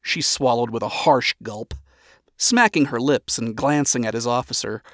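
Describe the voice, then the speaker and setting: Male storybook narrator, steady reading, medium pitch, dry close sound. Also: normal speed, dry recording.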